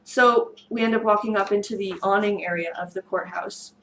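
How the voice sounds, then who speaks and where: A woman's voice: mid-range voice, steady tone, normal speed, fairly bright tone, slight background noise, rough recording. Woman losing her voice, telling a story. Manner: rambling, many fillers and restarts. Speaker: vlogger. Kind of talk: storytime monologue.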